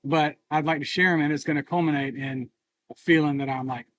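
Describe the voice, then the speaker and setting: A man co-hosting a podcast who talks in a reflective, halting way and is emotional and near tears. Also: a little high, fairly even intonation, a bit bright, low-quality recording. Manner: reflective, halting, open about feelings. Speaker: podcast co-host. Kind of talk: casual podcast conversation.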